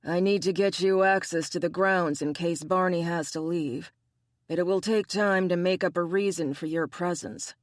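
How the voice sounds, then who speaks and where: A woman voicing a weary middle-aged official speaking in a measured, earnest way. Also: lowish voice, steady tone, no echo, studio quality, lightly acted. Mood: warm. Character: weary senior official, fatherly cousin.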